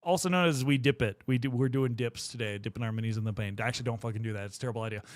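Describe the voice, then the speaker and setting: A man's voice: mid-range voice, sing-song, fast, a bit bright, no echo, clean studio sound. A young man chatting casually on a livestream while painting miniatures, rambling and swearing freely as he talks to his viewers. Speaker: streamer.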